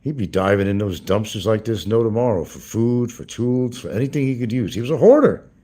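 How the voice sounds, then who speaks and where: A man's voice: lowish voice, expressive, brisk, warm tone. A man hosting a livestream, rambling through crude gossip with swearing and chuckles. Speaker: livestream host. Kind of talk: casual livestream commentary.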